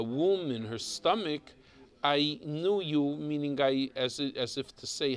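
Moving verse by verse at a slow pace, this Torah teacher explains the Hebrew text, blending Hebrew and English terms. He speaks in a mid-range voice that sounds gravelly and creaky, frequently stopping to repeat a word while thinking.

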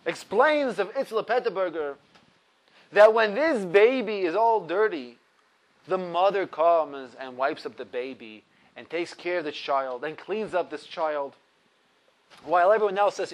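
Man, 30s, high voice, teaching Torah with lively, emphatic storytelling. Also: normal speed, low-quality recording. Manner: laughs at his own stories. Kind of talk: explaining a religious text to a class.

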